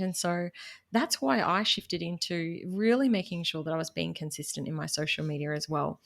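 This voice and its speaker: Lively woman with a Queensland accent. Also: on the low side, moderate pace, creaky. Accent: Queensland Australian. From Queensland, Australia. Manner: candid, animated, laughs at herself. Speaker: guest, marketing business owner. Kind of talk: casual interview chat.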